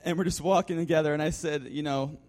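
A man's voice: a little high, steady tone, fast, darkish tone, soft background music. A man giving a spoken testimony to his congregation in a loose, conversational way, full of "you know" fillers, restarts and the odd chuckle. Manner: chuckles now and then. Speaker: church member giving a mission-trip testimony.

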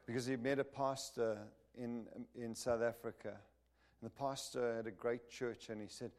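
A man's voice: mid-range voice, fairly even intonation, moderate pace, darkish tone. Male preacher in a sermon, emphatic and punchy, checks in with the listeners, voice sits mid-range. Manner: emphatic, punchy, drives points home with repeated phrases; asks the listeners for agreement.

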